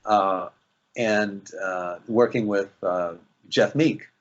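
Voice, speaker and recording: A man's voice: fairly low pitch, takes it slowly, dull audio. A man, an actor, chatting in an interview, rambling with lots of fillers and restarts. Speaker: actor guest. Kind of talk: casual interview chat.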